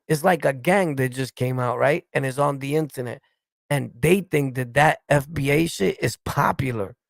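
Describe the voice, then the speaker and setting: A streamer host from New York City, speaking with a New York accent, delivers blunt, profane, combative reaction commentary in a ranting style. His medium-pitched voice is creaky, and there's no room sound.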